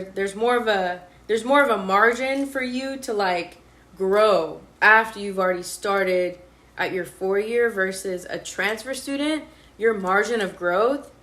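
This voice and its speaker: A young woman in her twenties chats casually in an interview, her voice sitting at an ordinary middle pitch. She tells her story with lively, slangy energy, often acting out what people said to her. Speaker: interviewee, college student. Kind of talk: casual chat.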